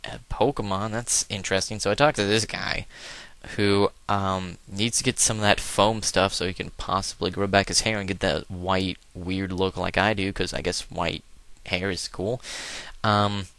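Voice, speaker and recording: Rambling man with a bright, crisp voice. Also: sits low, little pitch movement, moderate pace, no room sound. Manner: rambling, offhand, crude jokes. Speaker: let's play commentator. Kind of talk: casual gameplay commentary.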